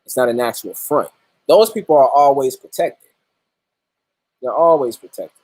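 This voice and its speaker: Male livestream host, loose and cussing, animated pitch, dry unroomy sound. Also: normal speed, dry recording. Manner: loose, profane, greets viewers by name. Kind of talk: casual livestream chat.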